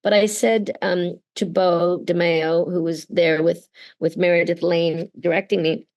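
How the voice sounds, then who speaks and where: Earnest, gravelly-voiced Canadian woman. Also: lowish voice, a little slow. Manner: earnest, expressive, acts out quoted exchanges. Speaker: voice actor guest. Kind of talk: interview conversation.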